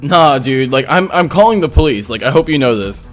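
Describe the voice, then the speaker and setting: A man loudly scolding someone during a call, confrontational and blunt. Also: medium pitch, expressive, brisk, faint music behind. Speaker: gaming YouTuber.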